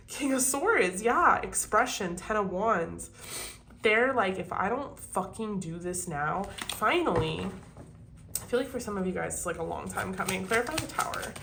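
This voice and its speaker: A woman's voice: medium pitch, fairly bright tone, a little hiss or hum. Young woman tarot vlogger, chatty and profane, sniffly with allergies, mid-range voice. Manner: chatty and swearing, talks to viewers. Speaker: tarot reader. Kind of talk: casual tarot reading monologue. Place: home, kept quiet for sleeping child.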